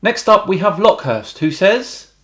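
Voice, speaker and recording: A British man hosting a YouTube channel, reading out viewer comments and answering them with wry, deadpan remarks. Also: sits high, measured pace. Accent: British English. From Britain.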